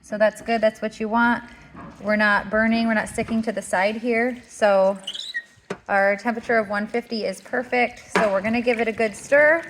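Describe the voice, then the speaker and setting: Relaxed woman teaching kitchen skills. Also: a little high, moderate pace, a little hiss or hum. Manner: relaxed, explains step by step with fillers. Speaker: homestead cooking instructor. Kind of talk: casual kitchen tutorial. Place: home kitchen.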